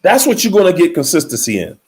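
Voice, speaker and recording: A man giving a motivational speech in an emphatic, repetitive preaching cadence, slowing down to stress key words, with faint music behind. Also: high voice, wildly swooping pitch. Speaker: motivational speaker.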